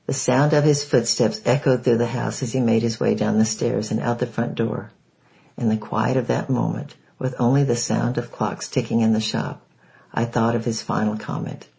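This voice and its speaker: Guy reading a novel out loud, gravelly voice, plain steady narration. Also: mid-range voice, moderate pace, poor audio. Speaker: reader of a novel. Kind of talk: reading a book aloud.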